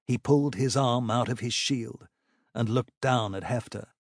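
A man narrating a fantasy battle audiobook in a measured, even storytelling manner. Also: medium pitch, dry recording, studio quality.

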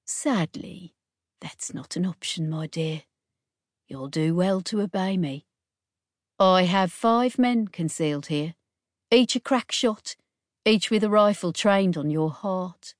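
A woman reading an audiobook, voicing a suave, menacing male bandit captain who speaks in a smooth, slow, condescending way. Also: fairly low pitch, sing-song, no echo, clean studio sound, full character voice. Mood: suave threat. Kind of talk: audiobook character voice.

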